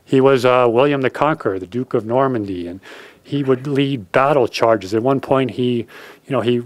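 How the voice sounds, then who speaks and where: A man's voice: mid-range voice, moderate pace, no echo. A man giving a spiritual talk, telling a parable as an earnest storyteller who chuckles at his own tale. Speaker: spiritual speaker.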